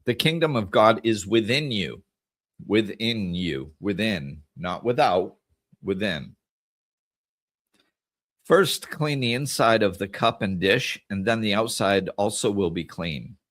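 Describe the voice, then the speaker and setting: A middle-aged man with a somewhat low voice talks in a reflective, earnest monologue. He quotes scripture and circles back on himself, repeating words and correcting his phrasing as he works through his thoughts. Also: normal speed, few pauses, a bit bright. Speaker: podcast host.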